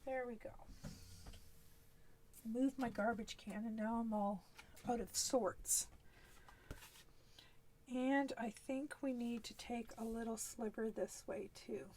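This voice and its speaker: A woman's voice: fairly high pitch, steady tone, slow, pauses often, mellow, slight background noise. A woman with a Canadian East Coast accent hosting a live crafting demonstration, chatty and easygoing as she works through each step. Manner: chatty, easygoing, talks while working, frequent little laughs.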